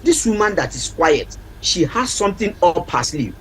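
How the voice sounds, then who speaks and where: Nigerian male counselor, TV talk-show guest; high, slightly husky voice; emphatic, teacherly, repeats key lines. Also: very animated, normal speed, rough recording.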